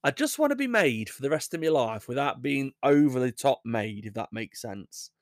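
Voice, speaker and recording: A man's voice: medium pitch, big pitch swings, moderate pace, no room sound, clean studio sound. A young English man hosting a casual show, reading odd news stories and rambling through jokey asides that he laughs at. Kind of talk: casual chat.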